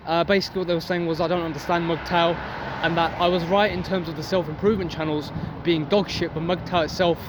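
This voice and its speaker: High-voiced man ranting by busy traffic. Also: steady tone, fast, hardly any pauses. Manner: intense, profane, preachy. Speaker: vlogger. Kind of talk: blunt motivational rant. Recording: loud street traffic noise.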